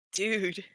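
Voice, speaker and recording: A woman's voice: pushed and bright, dry recording. A woman voicing an earnest, melodramatic young man who keeps apologising to his friend in a soothing voice. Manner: apologetic, breathless with giggles, soothing.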